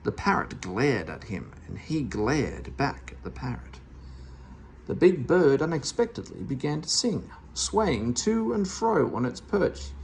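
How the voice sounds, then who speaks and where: Storybook narrator: expressive, gravelly reader with a very lively pitch. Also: measured pace, slight background noise. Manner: expressive, animated. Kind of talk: storybook read-aloud.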